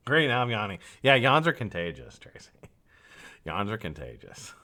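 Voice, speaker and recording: A man's voice: on the low side, huge pitch swings, moderate pace, sharp tone. A tired, yawning man hosting a live stream, rambling casually with frequent swearing and laughter.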